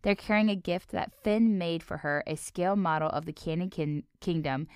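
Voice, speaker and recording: A woman's voice: on the low side, normal speed, a little mellow, clear, resonant tone, no room sound, clean studio sound. A young woman co-hosting a casual podcast, recapping a cartoon episode with lots of laughter and silly joke voices. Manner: giggly, playful, does silly voices. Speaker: podcast co-host.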